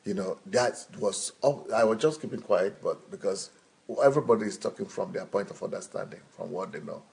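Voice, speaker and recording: A man's voice: lowish voice, a little fast, vocal fry, a little mellow. A man in his fifties, a pastor speaking bluntly and insistently in a live question-and-answer talk. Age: 50s.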